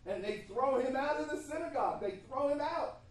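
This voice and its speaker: A man's voice: extremely high pitch, lively intonation, a little fast. A man preaching a sermon, with emphatic repetition and frequent hesitations. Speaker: pastor. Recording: echoey room from far off.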